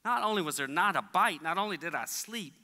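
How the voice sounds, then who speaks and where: The recording, full of long church-hall reverb, captures a man preaching as pastor in the sanctuary. Expressive, bright and forceful, he speaks a little fast, storytelling and acting out voices with big pitch jumps.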